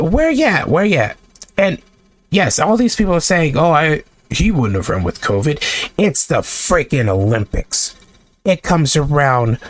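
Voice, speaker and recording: A man delivering a heated sports rant to camera, exasperated and sarcastic, with blunt outbursts. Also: on the high side. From United States. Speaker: sports vlogger.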